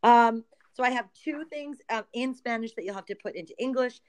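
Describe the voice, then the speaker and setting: A woman's voice: on the high side, brisk. A woman, a Spanish teacher, chatting casually on a school podcast, often restarting her sentences as she thinks. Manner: chatty, restarts sentences while planning a game.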